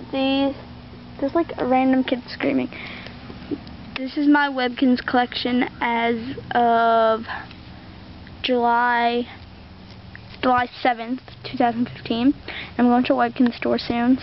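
A young woman with a high voice rambles casually outdoors while showing off her toy collection for a vlog, show-and-tell style. The audio is dull with a bit of hiss or hum.

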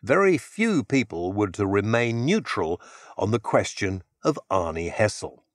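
A man reads an audiobook in a measured, expressive storytelling style. His voice is on the low side, and the recording is dry with clean studio sound.

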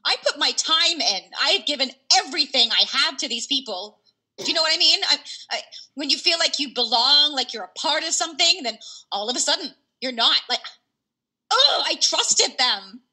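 An actress playing an anxious, indignant woman boss who has just lost her job, speaking emotionally and haltingly. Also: high-pitched, very animated, sharp tone, exaggerated voice. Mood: bitter. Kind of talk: audio drama reading.

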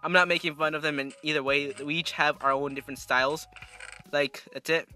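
A gaming YouTuber rambling casually through their commentary, self-deprecating and trailing off quietly. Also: medium pitch, steady tone, brisk, faint music behind.

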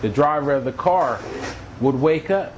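Guy telling his story, earnest and lively, bit of hiss in the background. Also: a little high, a little slow. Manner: earnest, animated storytelling, acting out others' cries. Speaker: testimony speaker. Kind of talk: personal testimony.

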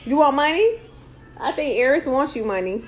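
A woman's voice: sits high, animated, moderate pace. A young adult mother chatting in playful sing-song baby talk to her little ones on a phone live stream. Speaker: mother livestreaming with her babies.

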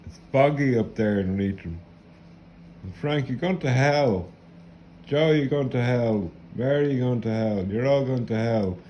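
A middle-aged Irish man with a mid-range voice rants angrily at a measured pace, rambling, swearing bitterly and repeating curses. The recording is dull and lo-fi with a faint hiss.

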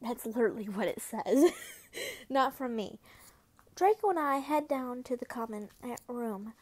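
A woman's voice: fairly high pitch, animated, unhurried, no room sound. A young woman reading fanfiction aloud, casual and giggly, often tripping over words. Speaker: fanfiction reader.

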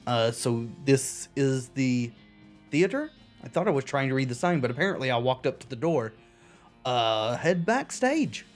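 A man's voice: medium pitch, sing-song, moderate pace, faint music behind. A man hosting a video game playthrough, reading the game's text aloud and adding dry wisecracks. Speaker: let's play host. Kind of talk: game commentary.

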